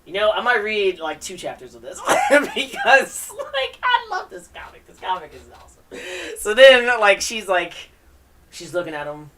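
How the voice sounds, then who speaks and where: A woman's voice: mid-range voice, wildly swooping pitch, moderate pace, fairly bright tone, distant mic. A woman hosting a live stream, reading comics aloud in a rambling, enthusiastic way and laughing often.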